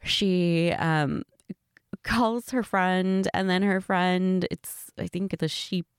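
A woman's voice: lowish voice, fairly even intonation, takes it slowly, clean tone, no echo, clean studio sound. A woman in a one-sided role-play chat, telling a friend a story, giggly and laughing as she talks. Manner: giggly, keeps laughing and restarting.

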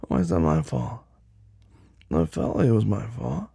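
A man's voice: lowish voice, very animated, normal speed, creaky, mellow, husky, no echo, clean studio sound. A man performing a dominant audio role-play, commanding and teasing, sometimes dropping to a whisper. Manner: drops to a whisper at times.

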